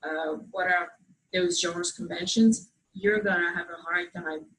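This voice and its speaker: Low-voiced French-accented woman speaker. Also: fairly even intonation, fairly bright tone, poor audio. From France. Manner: hesitant, many pauses, wry humor. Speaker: author giving a talk. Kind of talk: informal speech to an audience. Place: event hall with live audience.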